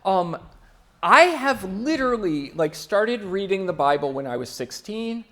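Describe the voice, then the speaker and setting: A young man giving a casual, chatty church talk, with quick asides and frequent fillers. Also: high voice, sing-song, a bit bright. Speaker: church speaker.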